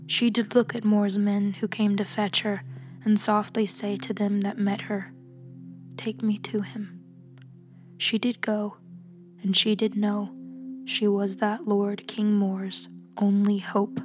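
A woman narrates a fable in a slow, hushed voice that often drops to a whisper. Her melody stays flat and even, and music plays clearly behind her. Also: mid-range voice. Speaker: storyteller. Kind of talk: scripted storybook narration.

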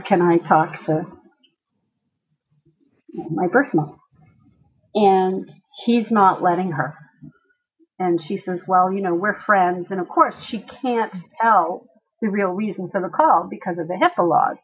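A woman telling a personal story to a listener, animated and acting out the voices of the people she quotes. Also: fairly low pitch, slightly rough, dull audio.

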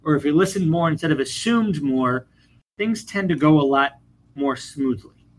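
A man's voice: on the high side, animated, moderate pace, low-quality recording. A younger man, a therapist, talking earnestly in a casual podcast chat, often restarting his phrases. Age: young adult.

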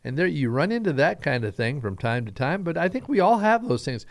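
A man's voice: a little high, sing-song, brisk, vocal fry, no echo. A middle-aged man from Southern Idaho with a slight Southern twang, preaching a folksy, rambling, earnest radio sermon as a pastor.

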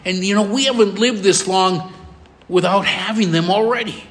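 A middle-aged man, a pastor preaching a sermon with emphatic repetition and soft drops for tender moments. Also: high voice, moderate pace. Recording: long hall reverb.

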